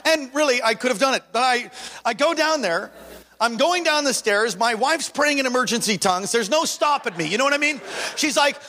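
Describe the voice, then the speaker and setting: A male pastor in his forties preaching a sermon, telling a story with lively acted-out moments and calling out to his congregation. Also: very high voice, a little fast. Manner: animated storytelling, acting out scenes, preaching to a congregation.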